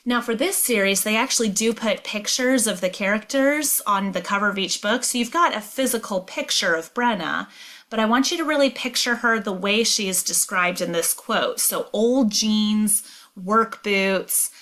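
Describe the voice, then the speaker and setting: A woman teacher reading a novel aloud and explaining it, clear and emphatic. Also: mid-range voice, normal speed, fairly bright tone.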